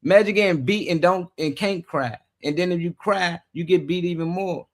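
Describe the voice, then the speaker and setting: A man speaks his mind in a casual morning show chat. His voice sits fairly high for a man, and his delivery is blunt, profane and emphatic. He talks as a parent. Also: moderate pace. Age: adult with children.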